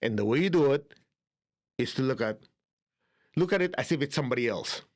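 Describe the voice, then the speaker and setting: A man's voice: mid-range voice, expressive, a little fast. A man teaching spiritual healing in a conversational way. He often checks in with his listeners and acts out inner dialogue. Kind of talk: instructional talk on spiritual healing.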